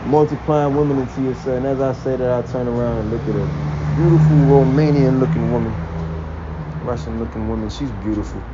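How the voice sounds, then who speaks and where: A man's voice: mid-range voice, a little fast. A man in a blunt, profane, preachy rant, quoting scripture and laughing between points. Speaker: religious vlogger. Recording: dull lo-fi recording with faint vehicle noise.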